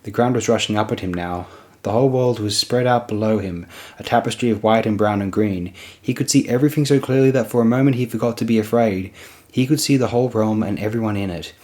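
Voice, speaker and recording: Male audiobook narrator, low voice, steady even storytelling delivery. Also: fast.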